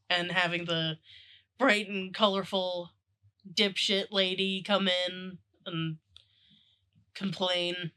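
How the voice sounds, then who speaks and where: A woman's voice: lowish voice, bright, forceful tone. A woman co-hosting a podcast, chatting casually in a blunt, teasing way and swearing freely. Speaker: podcast co-host. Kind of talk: casual chat.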